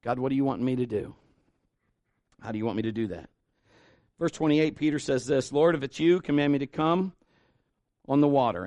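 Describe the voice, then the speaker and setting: Higher-voiced man preaching in church. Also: a little mellow, dry recording, studio quality. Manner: plainspoken, conversational preaching with folksy asides. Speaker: pastor. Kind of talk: sermon.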